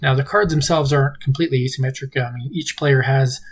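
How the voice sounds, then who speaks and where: A man hosting a board game channel, giving a casual game preview with a relaxed manner and frequent ums and uhs. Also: mid-range voice, fast talker, husky.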